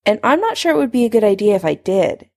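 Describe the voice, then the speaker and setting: A woman's voice: mid-range voice, big pitch swings, fast talker, vocal fry, a little mellow. A woman reading a guarded young wizard.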